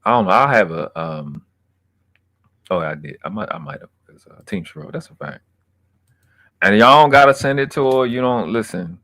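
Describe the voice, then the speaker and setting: Man, young adult, very low voice, casual profane livestream chatter, dry close sound. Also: lively intonation, moderate pace, pauses often, fairly bright tone, no echo. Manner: loose, profane, rambling with restarts. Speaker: livestream host reading chat.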